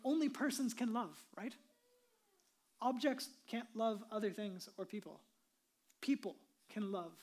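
A woman pastor preaching a sermon in an earnest way, moving between emphatic and hushed delivery and sometimes dropping to a whisper. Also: on the high side.

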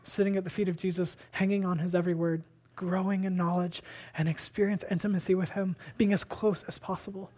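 Pastor delivering an emphatic sermon, hushed-to-loud dynamics, rhetorical questions. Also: medium pitch. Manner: asks and answers rhetorical questions.

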